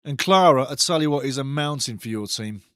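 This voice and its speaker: A man hosting a live football watch-along, commentating excitedly on the match and chatting with viewers' comments. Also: medium pitch, brisk, smooth, no room sound, studio quality.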